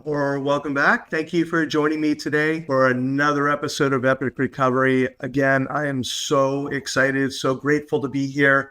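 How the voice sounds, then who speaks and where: A man hosting his own podcast, talking through his experience in an earnest, upbeat, confiding way and slowing down on his key points. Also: medium pitch, fairly bright tone. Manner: earnest, upbeat, confiding, with slow emphatic stretches. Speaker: podcast host. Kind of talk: reflective solo podcast talk.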